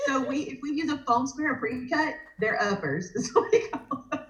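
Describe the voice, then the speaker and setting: A woman with a Southern US accent, chatting as a guest on a live crafting stream and telling stories with animated energy. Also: high voice, normal speed, roomy sound, poor audio.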